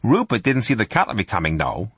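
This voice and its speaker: A man's voice: fairly low pitch, huge pitch swings, fast, fairly bright tone, breathy edge, no room sound, full character voice. A man voicing a poised, teasing American woman who gives orders with sweet mockery. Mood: sweetly mocking. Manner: sweetly mocking, commanding.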